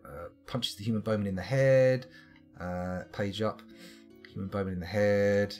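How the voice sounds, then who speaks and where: A man's voice: lowish voice, steady tone, moderate pace, a little mellow. A man reading combat logs aloud with wry, profane asides as he streams a game live. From United Kingdom. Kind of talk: live-streamed gameplay commentary. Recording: faint guitar music behind.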